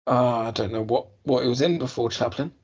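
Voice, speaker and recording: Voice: mid-range voice, darkish tone, breathy edge. A co-host thinking aloud through a casual movie quiz, hesitating and searching for answers. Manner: slow, hesitant, searching for answers with lots of ums.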